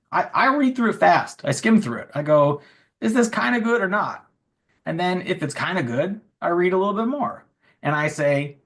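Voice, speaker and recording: A middle-aged man giving a frank, casual conference talk who acts out the things he says to a chatbot. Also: a little high. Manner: casual, frank, says "you know" and "just" a lot. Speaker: speaker at a tech event.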